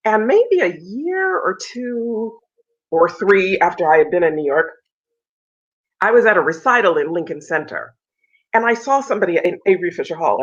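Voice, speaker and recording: A woman in her fifties, an opera singer and interview guest, telling stories in a lively way and acting out the voices of people she quotes, heard over a video call. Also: medium pitch. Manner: animated storyteller, acts out quoted voices. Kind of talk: casual interview storytelling. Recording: muffled video call audio.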